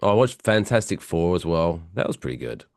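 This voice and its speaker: A man co-hosting a podcast, giving blunt opinions and quick dry quips. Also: deep voice, very animated, gravelly, no room sound. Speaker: podcast co-host. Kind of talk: casual chat.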